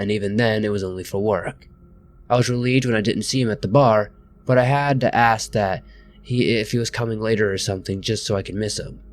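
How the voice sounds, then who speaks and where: A man reading first-person horror stories aloud as scripted narration, at a steady pace. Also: fairly low pitch.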